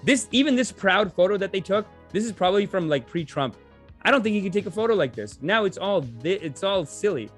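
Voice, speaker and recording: Co-host, male, high and lively, mocking tone, soft music under. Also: brisk. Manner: mocking, animated, throws in silly impressions. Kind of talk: casual commentary chat.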